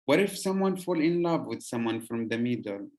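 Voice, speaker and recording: Host: man from Yemen, earnest, mid-pitched, halting. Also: expressive, darkish tone. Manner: earnest, pausing with "uh". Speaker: podcast host. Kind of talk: casual conversation.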